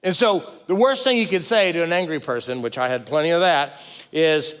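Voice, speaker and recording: Middle-aged pastor, fairly high voice, lively folksy sermon delivery that acts out quotes. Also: male voice, a little fast, clear, resonant tone, in a large hall. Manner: animated, folksy and self-deprecating, acting out quoted lines. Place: church sanctuary with multiple campuses.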